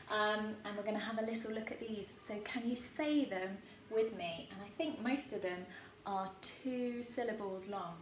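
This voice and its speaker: Slow, echoey English teacher at a chalkboard. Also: female voice, medium pitch, recorded from a distance, a little hiss or hum. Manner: bright, encouraging, slow and clearly sounded out for young pupils. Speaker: primary school teacher. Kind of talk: spelling lesson for children. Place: classroom with a chalkboard. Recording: echoey room, voice away from the mic.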